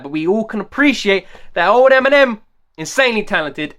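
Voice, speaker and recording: A man's voice: sits high, bright, forceful tone. A man commenting on a song in a reaction video, emphatic and repeating his rhetorical questions. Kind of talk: excited music reaction commentary.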